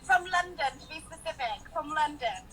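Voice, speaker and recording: High, bright, teasing woman on a call. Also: animated, moderate pace, a little hiss or hum. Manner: teasing, giggly. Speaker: caller on a live stream.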